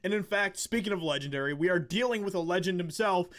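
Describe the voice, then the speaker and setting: A man's voice: high-pitched, fast, fairly bright tone. A man hosting an opinionated commentary video, talking emphatically with fillers and restarts while losing his voice. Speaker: commentary channel host.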